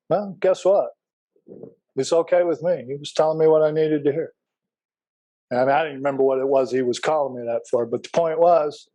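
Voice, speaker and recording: A middle-aged man leads a Bible class, talking casually and drifting into personal stories while he tosses questions to the room. His voice sits a little high but has a dark, mellow tone. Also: rough recording. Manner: folksy, anecdotal, asks the class questions.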